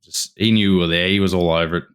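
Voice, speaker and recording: A man's voice: low-pitched, fairly even intonation, quick pace, fairly bright tone, clean tone. An Australian man, a podcast guest, telling a story in an eager, rambling way, with many restarts and casual asides.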